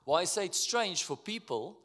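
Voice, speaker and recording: A man from South Africa with an Afrikaans accent, preaching a sermon in a church, telling stories and dropping to quiet asides. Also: sits high, moderate pace. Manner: animated, storytelling, drops to quiet asides. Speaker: pastor. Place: church auditorium. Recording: reverberant church hall.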